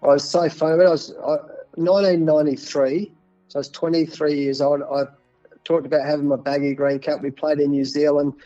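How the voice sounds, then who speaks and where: Animated Australian man telling stories. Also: fairly high pitch, a little fast, lo-fi sound, soft background music. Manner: animated, repeats words when telling stories. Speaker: cricket coach, guest. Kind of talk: casual storytelling interview.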